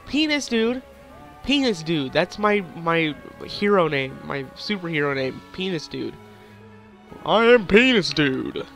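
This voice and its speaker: Young male gaming YouTuber, slightly high pitch, silly crude rambling, faint background music. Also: a bit bright. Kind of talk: goofy gameplay commentary.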